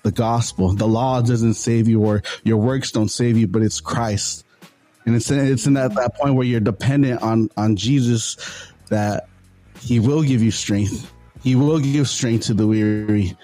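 A man with a dark, mellow voice talks through his faith in an earnest, unscripted way. He often stumbles and repeats words as he goes, and faint music plays behind him. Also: medium pitch, fairly even intonation, unhurried. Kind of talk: casual faith discussion.

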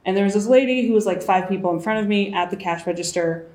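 A woman's voice: mid-range voice, quick pace, darkish tone, roomy sound. A woman in her early twenties, a guest in a casual chat, talking freely and acting out the voices she quotes. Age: 20s. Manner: chatty, acts out quoted voices.

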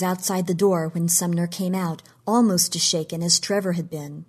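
A woman narrating a story in a measured, even reading. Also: lowish voice.

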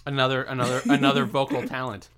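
A man's voice: medium pitch, level tone, fast, fairly bright tone. A man co-hosting a casual chat, reading listener questions aloud in an upbeat, chatty manner.

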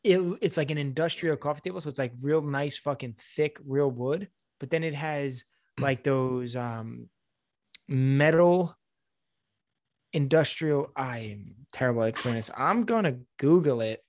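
A young man co-hosts a podcast, his mid-range voice a bit slow on a dry recording. He tells a story casually and with plenty of profanity, animatedly acting out what people said.

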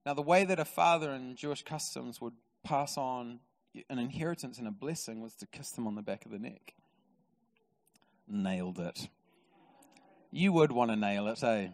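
Man, New Zealand accent, pastor, sermon, animated storytelling, long church-hall reverb. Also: medium pitch, normal speed. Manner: animated storyteller, swings from loud excitement to quiet intimacy.

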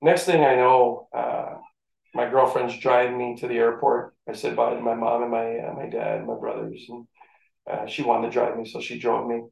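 A middle-aged man, a former football player telling animated stories from his playing days in a casual interview. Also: medium pitch, normal speed, gravelly. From St. Catharines, Ontario, Canada. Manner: animated storyteller who acts out the voices in his story. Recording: echoey room.

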